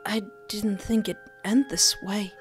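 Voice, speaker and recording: Brief: wounded lonely young man, voiced by a woman, breathless and pleading, slow and quiet. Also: mid-range voice, fairly even intonation, faint music behind, close to an everyday voice. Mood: weak, fading. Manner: soft, breathless, halting and pleading.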